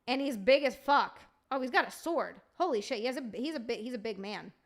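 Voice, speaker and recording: Young woman streamer, casual chat with viewers, swears freely, bubbly, voice sits a bit high. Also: lively intonation, a little fast. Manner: profane, bubbly banter. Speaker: live streamer.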